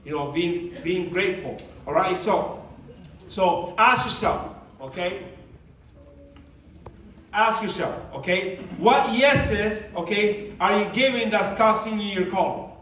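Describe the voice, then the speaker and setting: Male workshop presenter with a high voice, emphatic and chatty, recorded from a distance in an echoey meeting room. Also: slow, a bit bright, a little hiss or hum. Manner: conversational and emphatic, with many rhetorical questions. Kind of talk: motivational talk to a live group.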